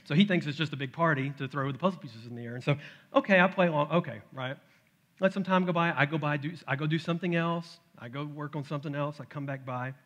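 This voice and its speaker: Animated bright-voiced male preacher. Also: on the high side, fast, muffled recording. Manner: animated storytelling, acts out his toddler's shouts. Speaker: pastor. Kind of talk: sermon with personal story. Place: church sanctuary.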